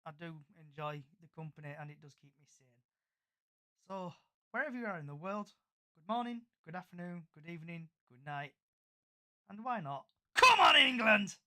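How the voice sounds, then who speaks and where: A man's voice: a little high, expressive, moderate pace, long pauses, a bit bright. A man hosting a casual football podcast, chatty and moving the talk along with questions. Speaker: podcast host.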